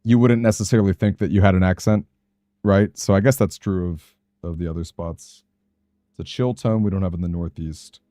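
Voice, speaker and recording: Low-voiced Southern Californian man streaming. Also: steady tone, a little fast, mellow, no room sound, studio quality. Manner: chatty, rambling, answers chat aloud. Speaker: game streamer. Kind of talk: casual live-stream chat while gaming.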